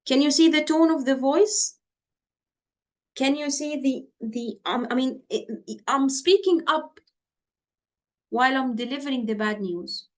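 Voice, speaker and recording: A woman teaching doctors in an online lesson over a computer mic, repeating her points and checking in with her listeners. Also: sits high. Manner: slow, repetitive, checks in with listeners. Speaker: medical exam tutor.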